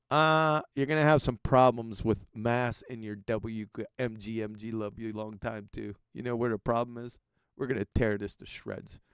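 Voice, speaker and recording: A man hosting a commentary video, reading quotes aloud with emphasis and then making sarcastic, mocking asides, often dropping to a low mutter. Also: fairly bright tone, clean tone, no echo, studio quality. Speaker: channel host. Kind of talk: commentary over quoted slides.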